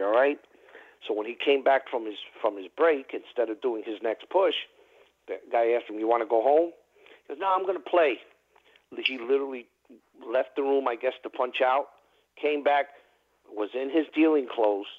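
Man rambling over a tinny phone line. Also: mid-range voice. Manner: rambling, chatty, full of "you know" fillers. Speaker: caller. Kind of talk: casual storytelling on a radio talk show.

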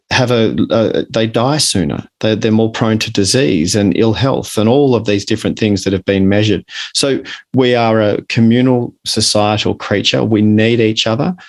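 An Australian man speaking earnestly as an author guest in a podcast interview, getting animated when he acts out his examples. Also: on the low side.

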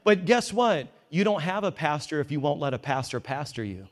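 A man's voice: on the high side, big pitch swings, a little fast. Emphatic man preaching a sermon. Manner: emphatic, conversational, joking asides. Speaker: pastor. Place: church in New York.

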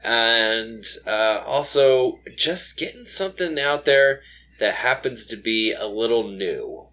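A man's voice: medium pitch, expressive, slow, pushed and bright. A young man co-hosting a casual late-night podcast, rambling with lots of fillers and restarts, a little tired. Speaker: podcast co-host.

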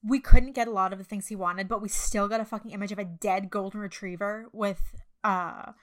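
A woman's voice: medium pitch, fairly even intonation, fairly quick. A young woman co-hosting a casual horror podcast, blunt and sweary as she grumbles about movies. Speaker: podcast co-host.

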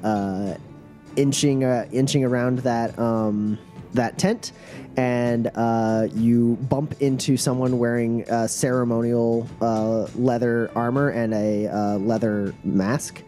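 A man narrating as game master in a tabletop game, halting with many fillers. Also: mid-range voice, steady tone, dark tone, soft background music.

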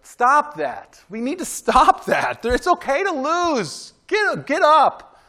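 Man preaching, high-pitched voice, conversational, emphatic, keeps checking in with the congregation. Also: huge pitch swings, slow pace, bright, forceful tone. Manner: conversational preaching with frequent "right?" asides; emphatic, exhorting. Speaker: pastor. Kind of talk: sermon.

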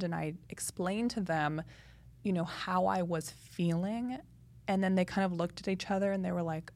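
On a podcast, a young woman guest tells her story in a lively, casual interview style full of fillers. Her voice is on the low side and she talks at normal speed.

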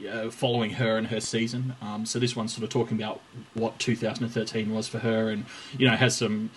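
A man's voice: fairly low pitch, a little fast, slight background noise, poor audio. A man co-hosting a podcast, chatting casually, laughing often and acting out quotes as he tells stories. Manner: laughing, animated storyteller who acts out quotes. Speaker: podcast co-host. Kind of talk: casual chat.

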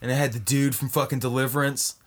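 A young man rambles through a film idea in casual, profane chatter, checking in with "right?" constantly. His voice sits at a middle pitch. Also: little pitch movement, quick pace. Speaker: comedy sketch performer.

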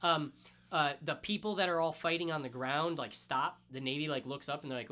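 Excited man recapping a story. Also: on the high side, fairly quick. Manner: excited, animated storytelling with casual swearing. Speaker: podcast co-host. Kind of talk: casual anime recap chat.

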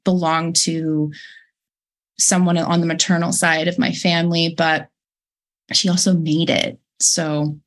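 A woman co-author in a casual interview, speaking reflectively with pauses and fillers. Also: low-pitched, flat delivery. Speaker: co-author of a children's book series.

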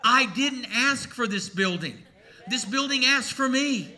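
A man's voice: very high voice, lively intonation, measured pace, background noise. A man preaching a sermon to his congregation in a folksy, emphatic way, mixing humor into his message. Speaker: pastor. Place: church before a congregation.

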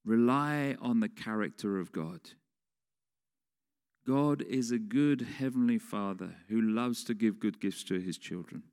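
A man's voice: on the low side, measured pace, darkish tone, clean tone. A man preaching a sermon in a conversational way, putting questions to the congregation. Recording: long reverb of a large hall.

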